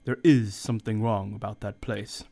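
A man's voice: fairly low pitch, steady tone, moderate pace, gravelly, warm tone. A man voicing a shaken male ship passenger who speaks in a raised, urgent way.

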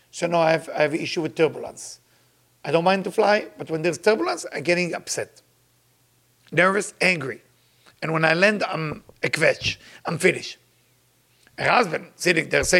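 Older spiritual teacher, high-voiced, emphatic and repetitive, loose grammar. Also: male voice, expressive, moderate pace, vocal fry, pauses often, fairly bright tone, slightly rough. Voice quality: non-native grammar. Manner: emphatic, repeats phrases, rises to sudden high exclamations. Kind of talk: sermon to followers.

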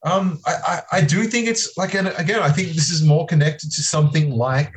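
A man's voice: a little high, rough recording. A man on a podcast, hedging and restarting as he talks through an abstract idea. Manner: halting, hedging, with many restarts while theorizing. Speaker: podcast guest. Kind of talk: casual podcast chat.

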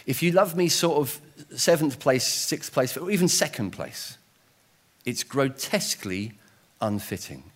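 A middle-aged man preaching a sermon in an animated, conversational way, often restarting and adding asides. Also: medium pitch, a little slow.

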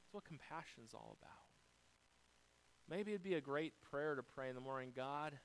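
A man's voice: medium pitch, lively intonation, moderate pace, a little hiss or hum, rough recording. An American pastor delivering a sermon to his congregation, moving through numbered points and speaking directly to his listeners. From United States. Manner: dynamic preaching, rising loud then dropping soft.

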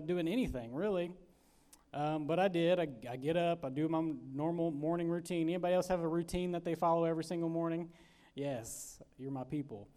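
A man's voice: a little high, darkish tone. A man preaching a casual storytelling sermon in a church, folksy and chatty, with many fillers and acted-out asides. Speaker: pastor. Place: church sanctuary.

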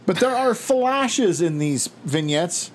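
A man's voice: sits high, lively intonation, slow, slight background noise. A man co-hosting a casual podcast, chatty and riffing with crude asides. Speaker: podcast co-host. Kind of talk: casual chat.

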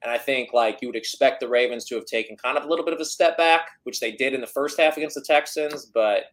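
A man's voice: medium pitch, fast, fairly bright tone. A man co-hosting a sports podcast, reasoning through his picks in a loose, hedging way. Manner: thoughtful, hedging analysis with many "like"s. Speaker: podcast co-host. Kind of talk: casual sports betting chat.

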